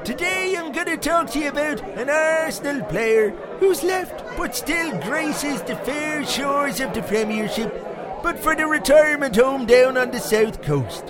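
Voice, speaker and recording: A man's voice: very high-pitched, lively intonation, unhurried, over music, crowd noise. A man voicing a crude, boastful Irish pub regular who rambles through foul-mouthed stories, with an Irish accent. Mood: rambling. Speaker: segment presenter. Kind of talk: comic monologue character.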